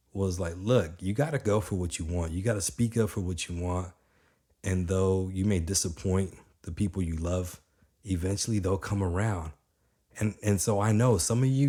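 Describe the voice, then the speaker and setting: A man in his thirties with a very low voice gives a motivational talk. He sounds energetic and conversational and keeps checking in with his listeners. The delivery stays informal and direct. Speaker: motivational speaker.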